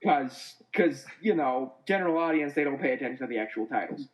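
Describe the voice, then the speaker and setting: A man with a mid-pitched voice joins a casual podcast chat. He rambles and halts, circling back before he finishes each point. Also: expressive, brisk, poor audio.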